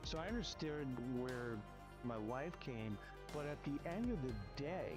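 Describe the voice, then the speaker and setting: A man casually telling a personal story in an animated, rushed way, often restarting his sentences. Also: a little high. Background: music.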